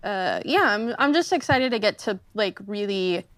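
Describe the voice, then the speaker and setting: A woman's voice: mid-range voice, lively intonation, normal speed, a bit bright, dry recording, clean studio sound. A woman chatting on a role-play podcast, hesitant, with many fillers and restarts. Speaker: tabletop role-play player. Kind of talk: casual podcast chat.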